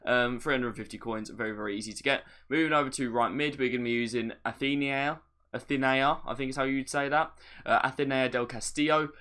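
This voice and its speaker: With a mid-range voice that sounds pushed and bright, a young man offers casual commentary as he teaches a video game. He makes gaming videos, and he explains each step plainly while dropping light jokes at his own expense.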